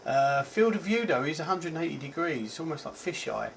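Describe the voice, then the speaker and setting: A man's voice: a little high, very animated, a little fast, gravelly, a little hiss or hum, rough recording. A man with a Cockney accent giving a casual, rambling product review, chatty and full of ums and self-corrections. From England. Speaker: tech reviewer.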